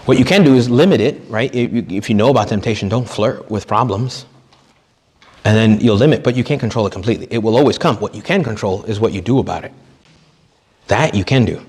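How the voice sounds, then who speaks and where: A man's voice: fairly low pitch, a little fast, darkish tone, slightly rough, in a large hall. A man giving a retreat talk as a priest, in a conversational, joking way, acting out quoted people. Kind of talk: retreat sermon.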